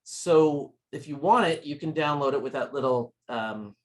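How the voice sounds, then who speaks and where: A man's voice: a little high, moderate pace. A man giving a live tech demonstration at a user group meeting, explaining step by step in a friendly, informal way.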